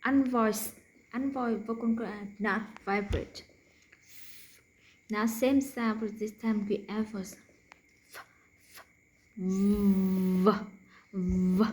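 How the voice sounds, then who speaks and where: A woman's voice: fairly high pitch, darkish tone, low-quality recording. A woman with a Vietnamese accent teaching English pronunciation, repeating each consonant sound several times and dropping to a whisper for the unvoiced ones. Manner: demonstrates sounds by repeating them, drops to whispers. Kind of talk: slow explanatory lesson.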